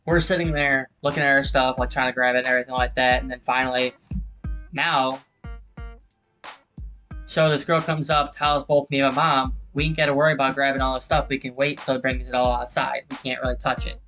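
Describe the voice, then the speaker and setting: Male gaming host, mid-pitch, heated storyteller who curses and acts out dialogue. Soft music bed. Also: poor audio. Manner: heated, swearing, acts out quoted people. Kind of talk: casual storytelling over gameplay.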